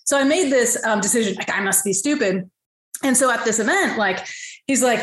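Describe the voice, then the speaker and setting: A woman, a financial advisor, telling her story as a podcast guest, lively and acting out the voices of the people she quotes. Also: fast talker, echoey room, rough recording. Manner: animated, acts out quotes in high voices. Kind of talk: casual storytelling interview.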